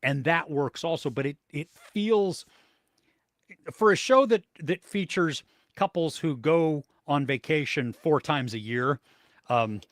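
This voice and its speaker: A man's voice: fairly high pitch, slow, no room sound. A man hosting a podcast, chatting casually about movies and shows with lots of fillers and restarts. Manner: rambling, many fillers and restarts. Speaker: podcast host.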